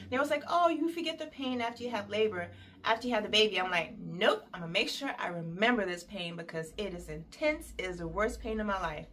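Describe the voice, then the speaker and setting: A young woman tells a long personal story in a relaxed, chatty way, heavy on detail and small fillers. When she quotes people she leaps up in pitch and acts the lines out. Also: a little hiss or hum. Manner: animated, acts out quoted voices with big pitch jumps.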